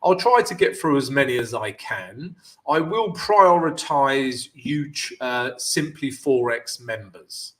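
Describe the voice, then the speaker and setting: A man's voice: mid-range voice, animated, takes it slowly, a bit bright. A man hosting a casual trading livestream, upbeat and chatty, speaking a bit thickly after dental work. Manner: upbeat, chatty, addresses viewers as guys. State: numbed from dental work, speech slightly off. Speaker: forex trading livestream host. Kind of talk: casual live-stream chat.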